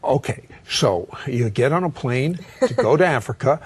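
A man's voice: medium pitch, animated, moderate pace, slight background noise. A man hosting an interview, prompting his guest with curious questions. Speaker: host.

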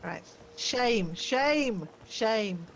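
A woman teammate calmly explaining the game quest, giggling now and then. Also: a little high, very slow, gravelly. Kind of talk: casual gaming chat. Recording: noisy game chat audio.

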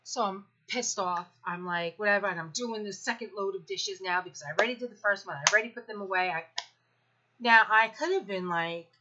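50s mom venting, bright sharp voice, blunt and sweary, kinda muffled lo-fi audio. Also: female voice, medium pitch, brisk. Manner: blunt, profane, sarcastic storytelling. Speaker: parenting vlogger. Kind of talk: candid personal venting.

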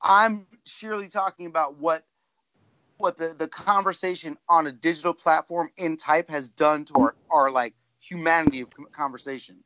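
A man on a podcast making an earnest point, halting with many restarts. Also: on the high side, pushed and bright, no room sound. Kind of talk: casual podcast conversation.

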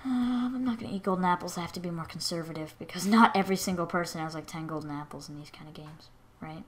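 A woman hosting a casual let's-play commentary, chatty and excitable, quick to gasp and exclaim as she plays. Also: fairly low pitch, crowd noise. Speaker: gaming channel host.

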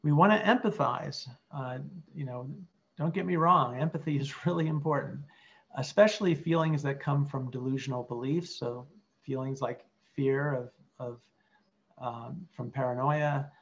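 A middle-aged man, a clinical psychologist, teaching a workshop in an earnest way and modelling calm, empathic replies. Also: medium pitch, vocal fry, highs cut off. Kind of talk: teaching workshop with role-play examples.

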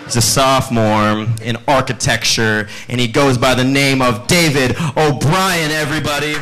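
A man introducing a comedian as emcee, slow and drawn out. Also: medium pitch, background noise.

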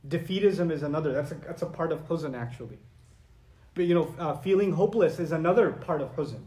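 A male preacher with a fairly high voice delivers a sermon, lively and conversational, slipping into Arabic recitation. His voice rings out in an echoey room. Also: brisk. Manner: animated and conversational, acting out quoted voices; recites Arabic verses and sources. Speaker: Islamic preacher. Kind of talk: lecture-style sermon.

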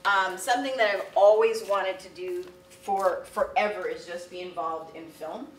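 A woman teaching artist talking casually and exuberantly about her career, with lots of animated exclamations. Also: lowish voice, moderate pace. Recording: echoey room from a distance.

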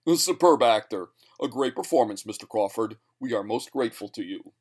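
A man's voice: lowish voice, expressive, fairly quick, breathy edge. A man voicing a stern, irritable male scientist who speaks in a curt, lecturing way.

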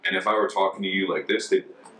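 A young American man in his twenties, a former volunteer, telling stories casually in an interview, chatty and relaxed. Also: low voice, very fast. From United States. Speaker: former Peace Corps volunteer. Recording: distant mic with faint ambience.

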